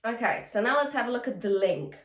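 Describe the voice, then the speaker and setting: A woman's voice: on the high side, animated, brisk, a bit bright, roomy sound. A woman vocal coach teaching singing, talking the listener through exercises and singing short demonstration lines, often checking in with the listener. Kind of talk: singing lesson with sung demonstrations.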